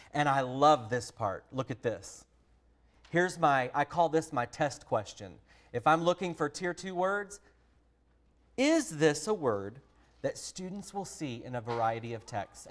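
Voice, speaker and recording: Texan male teacher trainer, slightly high voice, friendly and direct with the room. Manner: friendly, direct, addresses listeners as a group. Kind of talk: professional development lesson.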